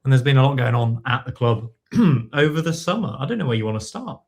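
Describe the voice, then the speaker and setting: A man's voice: medium pitch, big pitch swings, fairly quick. A man hosting a football podcast, steering the chat in a wry, teasing way. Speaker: podcast host. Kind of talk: casual chat.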